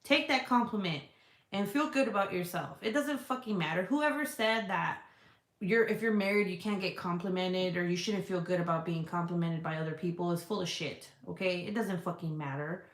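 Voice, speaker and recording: A woman's voice: on the low side, normal speed. Woman vlogger chatting away, swears a ton, laughs a lot, kinda echoey room. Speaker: vlogger reading live chat. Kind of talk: casual storytelling chat. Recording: roomy echo.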